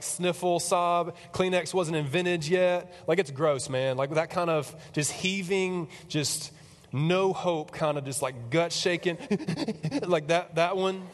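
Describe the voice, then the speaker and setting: Animated preacher in a reverberant hall. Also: male voice, a little high. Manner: animated, chatty, lots of fillers and voices. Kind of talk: casual storytelling sermon.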